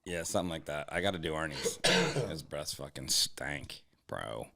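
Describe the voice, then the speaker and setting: Deep-voiced man, profane jokey banter. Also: big pitch swings, bright, forceful tone. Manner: profane, quick jokey interjections. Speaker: podcast co-host. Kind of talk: casual comedy chat.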